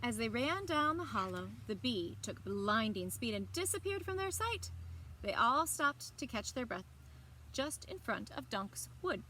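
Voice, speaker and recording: A woman librarian reading a children's story aloud with an animated, expressive delivery. Her voice is bright and fairly high, swooping through lively pitch. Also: a little slow, slight background noise.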